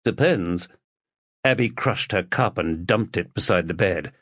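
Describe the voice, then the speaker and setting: A man narrating an audiobook in a measured storytelling manner, in a dull lo-fi recording. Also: low voice, fairly bright tone, dry recording. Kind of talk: scripted narration.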